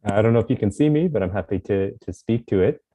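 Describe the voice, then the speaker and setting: Deep-voiced halting man, tinny line. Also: animated, no room sound. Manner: halting, restarts often.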